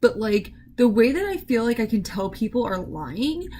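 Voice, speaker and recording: A woman's voice: a little high, sing-song, moderate pace, mellow, a little hiss or hum, poor audio. A woman contestant talking in a confessional, chatty and full of fillers. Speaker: online game contestant.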